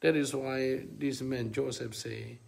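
Gravelly preacher with emphatic high bursts. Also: male voice, steady tone, darkish tone. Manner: emphatic, swinging from low murmurs to high ringing bursts; halting non-native English with many fillers. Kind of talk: sermon.

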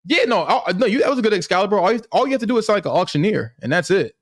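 A man co-hosting a casual sports podcast, ranting in an animated, exasperated way. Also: sits high, racing, no room sound, studio quality. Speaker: podcast co-host.

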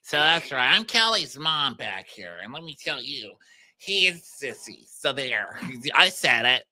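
A woman's voice: extremely low pitch, big pitch swings, unhurried, pushed and bright, voice pushed down, full character voice. A woman doing a brash, defiant older mother.

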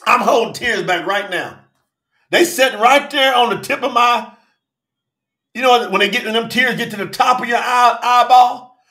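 A man preaching a fiery sermon in African American speech, shouting and calling out listeners by name. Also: extremely high pitch, reverberant. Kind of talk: fiery sermon on a live stream.

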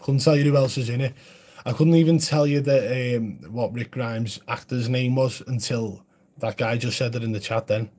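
A husky-voiced man talks loosely to his live-stream chat, blunt and chatty as he answers viewer comments. His pitch sits in an ordinary middle range for a man. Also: steady tone, moderate pace, a little mellow.

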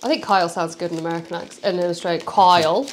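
A woman's voice: on the low side, fast talker, slight background noise. A young woman hosting a casual eating video with her husband, chatting and laughing between bites. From United Kingdom. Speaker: YouTube host. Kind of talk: casual chat while eating.

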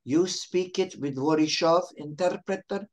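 A woman's voice: lowish voice, a little slow, voice pushed up. A woman putting on a curt Moscow operator with a thick Russian accent. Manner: broken English, clipped.

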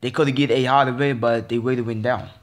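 A man's voice: medium pitch, steady tone, fast. A man vlogging a frustrated, casual rant, repeating himself and stammering through restarts. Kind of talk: ranting casual monologue.

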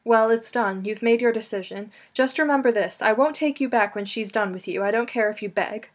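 Haughty 17-year-old girl, read by a woman, fancy affected tone, pitched up. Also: fairly quick, lightly acted. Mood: defensive.

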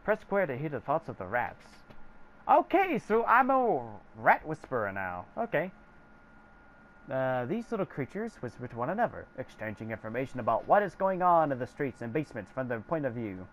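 A young woman commenting on a video game, giggly and excitable, reading in-game text aloud. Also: a bass voice, moderate pace. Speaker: game streamer. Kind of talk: casual gameplay commentary.

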